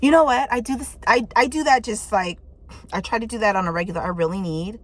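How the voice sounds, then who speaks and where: A woman's voice: fairly high pitch, quick pace, fairly bright tone. Candid woman doing casual tarot chat. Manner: candid and loose, swears freely, reacts aloud. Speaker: tarot reader. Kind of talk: casual chat reading viewer messages.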